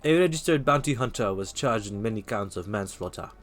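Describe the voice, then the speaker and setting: This man plays a worldly barroom storyteller with dark tales, reading game lines in an affected, loosely Russian accent, slow and pitched low. His delivery is animated yet close to his everyday voice, and faint music plays behind him.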